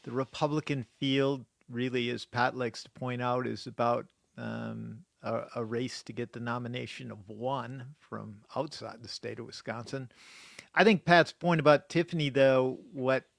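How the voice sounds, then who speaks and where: A man's voice: mid-range voice, steady tone, measured pace, gravelly, no echo, clean studio sound. A man speaking as a political commentator on a radio panel, thoughtful and hedging with fillers.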